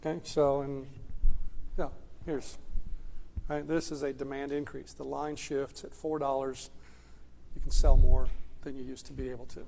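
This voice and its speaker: A man's voice: mid-range voice, level tone, normal speed, gravelly, pauses often, warm tone, in a large hall, a little hiss or hum. A man teaching an economics class in a conversational lecture style, checking in with his students as he goes. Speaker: economics instructor. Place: lecture hall.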